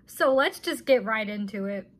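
High-pitched indignant woman. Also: animated, moderate pace. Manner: indignant, exasperated. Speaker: reaction video host. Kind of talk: casual commentary.

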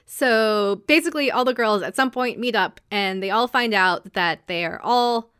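A woman's voice: fairly high pitch, a bit bright, smooth. A woman hosting a podcast, recapping episodes in casual chat and slipping into characters' lines as she goes. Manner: chatty, acts out characters' lines in quick asides. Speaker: podcast host.

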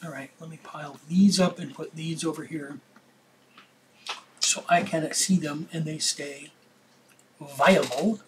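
A man's voice: fairly high pitch, fairly even intonation, unhurried, pauses often, a little hiss or hum. A man playing a board game in casual chat, teasing dryly and reading cards aloud while chewing popcorn.

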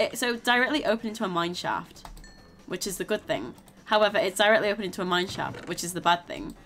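A woman's voice: medium pitch, a bit bright. Tired woman rambling through a game stream. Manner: rambling, repeats words, restarts often. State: tired, low energy. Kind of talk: casual gaming stream chat.

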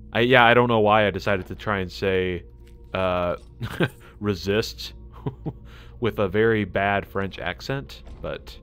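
A man's voice: fairly low pitch, smooth. An American man hosting a gaming channel, chatting and laughing through casual gameplay commentary. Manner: excitable, chatty, laughs a lot.

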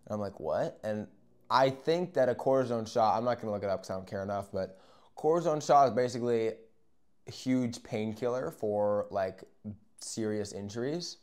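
Young dude ranting through a story, cursing, loud then mumbly, super casual. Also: male voice, on the low side, normal speed, smooth. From Arizona. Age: young adult. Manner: animated, profane, swings loud and quiet.

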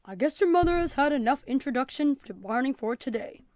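A woman reading aloud and voicing a calm, gently teasing father in a storybook. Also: sits high, fairly quick, no room sound, studio quality.

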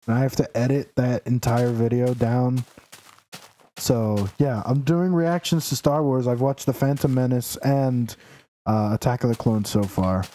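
A man's voice: mid-range voice, measured pace, dark tone. A young man streaming a game live, rambling casually, chatting to viewers and teasing game characters in mock outrage. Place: home room, sitting in a noisy chair.

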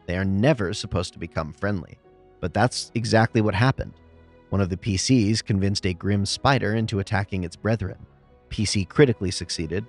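A man reading out reader-submitted tabletop game stories in a scripted narration, expressive, with pauses for comic timing. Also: low voice. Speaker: story narrator.

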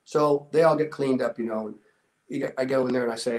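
A man's voice: steady tone, fast talker, low-quality recording. Earnest older man telling a story. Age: 60s. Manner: earnest, motivational, quotes people in a softer low voice. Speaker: interview guest, former special warfare instructor. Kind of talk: conversational storytelling.

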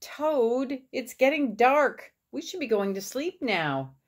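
A woman doing a friendly storybook frog, eager and helpful, with a high, lifted voice. He calls out brightly to his friend. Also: sing-song, slow, full character voice. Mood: gentle. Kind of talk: storybook read-aloud.

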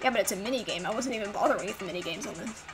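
A woman's voice: medium pitch, rapid-fire, music in the background. A young woman hosting a casual let's play, chatting in a laid-back, mildly self-deprecating way. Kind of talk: casual game commentary.

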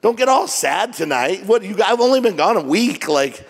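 A man's voice: high-pitched, very animated, moderate pace, vocal fry, breathy edge. A middle-aged man preaching a sermon as pastor, joking and conversational, jet lagged. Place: church auditorium. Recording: long reverb of a church hall.

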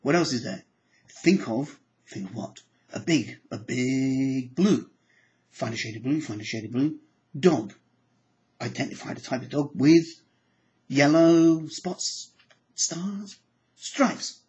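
Male psychology lecturer, mid-pitched, lively and theatrical, slightly dull lo-fi sound. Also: a little slow. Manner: animated, acts out examples with sudden pitch jumps. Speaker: applied psychology teacher. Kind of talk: lecture to camera.

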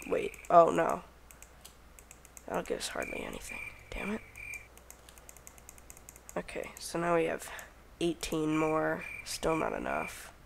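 A man's voice: on the high side, huge pitch swings, slow pace, creaky, pauses often, background noise. Young man mumbling through a game. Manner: mumbling to himself while crafting, counting under breath. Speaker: gaming channel host. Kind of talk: casual Minecraft let's play commentary.

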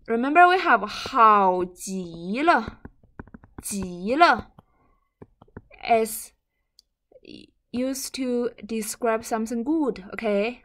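A woman's voice: a little high, fairly bright tone. A woman whose first language is Mandarin Chinese, teaching a bilingual language lesson and patiently repeating and glossing each word.

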